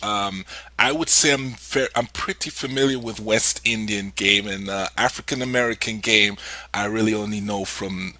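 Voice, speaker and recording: Male host with a low, bright-toned voice and a dry sound; asks questions with fillers. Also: no echo. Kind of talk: casual interview chat.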